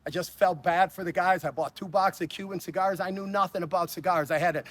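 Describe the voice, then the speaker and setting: A man's voice: high voice, fairly even intonation, fast. A man, telling stories in a casual interview, blunt and profane, often stammering and restarting his sentences. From Chicago. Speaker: interview guest.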